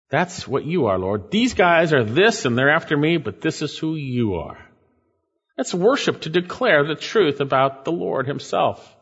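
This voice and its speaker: A man preaching a verse-by-verse sermon, earnest and animated, his voice rising sharply to stress key words. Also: on the high side, moderate pace, breathy edge. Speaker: pastor. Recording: dull sound with long hall reverb.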